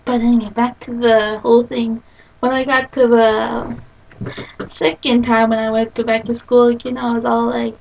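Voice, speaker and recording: A woman's voice: on the high side, steady tone, normal speed, creaky, a little mellow, highs cut off. A young woman chatting casually in a video blog, rambling through stories with lots of giggling and acted-out quotes. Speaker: vlogger. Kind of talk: casual chat. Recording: distant from the mic.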